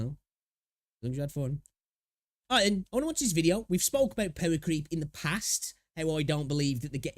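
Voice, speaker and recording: A man's voice: medium pitch, a little mellow, no echo, studio quality. A man hosting a live stream, chatting casually and rambling with many restarts and repeated words. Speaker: livestream host reacting to videos.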